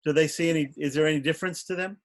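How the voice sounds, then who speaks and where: A man gives advice in a relaxed talk, pausing and restarting as he thinks things through. His voice sits a little above the usual male range. He sounds reflective and unhurried. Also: a little high. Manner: reflective, halting, many restarts.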